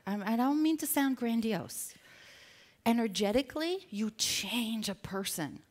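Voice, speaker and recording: A woman business coach giving an energetic motivational seminar talk, drawing the audience in with call-and-response questions. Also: on the high side, measured pace. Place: live event with an audience.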